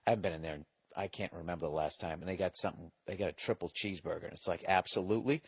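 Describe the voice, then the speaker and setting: A man's voice: sits low, fairly even intonation, rapid-fire, husky, no room sound. Profane man telling a story, dry mic. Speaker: podcast host. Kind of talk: casual comedic monologue.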